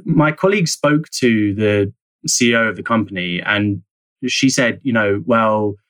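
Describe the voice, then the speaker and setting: Male journalist guest, lowish voice, dry close sound, hedging with lots of fillers. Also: lively intonation, moderate pace, a bit bright, no room sound, rough recording. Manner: hedging, many fillers and restarts. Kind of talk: conversational interview answers.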